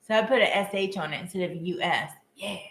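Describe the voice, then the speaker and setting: Woman, tarot reader, live stream, chatty, giggly, bright voice, echoey room. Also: fairly low pitch, fast talker. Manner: chatty, giggly, casual with filler words.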